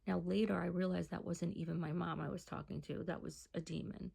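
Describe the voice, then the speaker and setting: A woman telling a personal testimony in a casual, hushed storytelling voice that often drops to a near whisper. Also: lowish voice, steady tone, fairly quick, creaky, husky.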